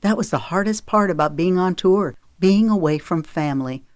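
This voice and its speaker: A woman reads a romance novel aloud with steady, measured storytelling. Her voice sits low, and the close studio mic gives it a dry, roomless sound. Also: dry recording. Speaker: audiobook narrator. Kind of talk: scripted narration.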